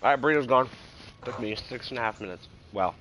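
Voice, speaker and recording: A man chatting on his live stream through a headset, telling stories in an animated way and swearing freely. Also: mid-range voice, quick pace, slight background noise. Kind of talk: casual chat on a live stream.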